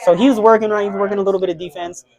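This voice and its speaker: This is a young man with a fairly high voice, talking quickly in a casual interview. He tells his story in an animated way and plays out the voices of the people in it. He sounds like a boxer recounting a sparring session. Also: creaky, rough recording. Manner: animated, acts out quotes of others while telling a story. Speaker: boxer and guest.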